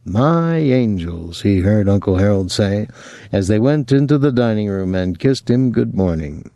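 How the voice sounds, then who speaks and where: A man narrating a novel as an audiobook reader, in a measured, steady way. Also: fairly low pitch, no room sound, clean studio sound. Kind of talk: scripted narration.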